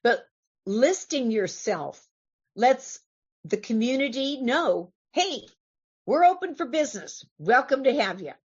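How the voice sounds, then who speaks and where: A woman's voice: a little high, muffled recording. A woman from California giving an earnest, conversational talk to a recovery meeting, asking her listeners questions as she goes.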